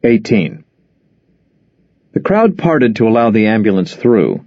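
Low-voiced male audiobook narrator. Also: sing-song, measured pace, dry recording. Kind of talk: scripted narration. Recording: dull lo-fi dry recording.

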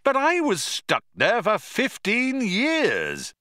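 A man voicing an excitable, exasperated space traveller who shouts in alarm. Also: high-pitched, slow pace, no echo, studio quality, pitched above the performer's own voice, full character voice.

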